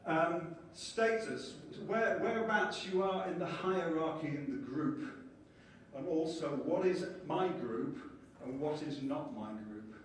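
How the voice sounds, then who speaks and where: Man, conference lecturer, fairly high voice, lively explaining, far from the mic, very echoey hall, faint room hum. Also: slow. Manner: lively, explanatory, acts out little scenes. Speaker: conference speaker. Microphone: distant from the mic.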